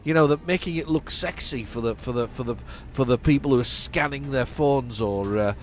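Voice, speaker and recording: A middle-aged man from northern England with a flat northern accent, chatting casually while playing a driving game, rambling and restarting his sentences. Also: mid-range voice, moderate pace, a little hiss or hum. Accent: flat northern English. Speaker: gaming channel host. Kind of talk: casual let's-play commentary.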